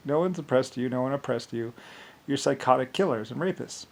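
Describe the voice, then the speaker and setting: Guy ranting casually, gravelly voice, lots of restarts and likes. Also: medium pitch, brisk, rough recording. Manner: rambling, many restarts and fillers, scornful. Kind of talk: casual rambling rant.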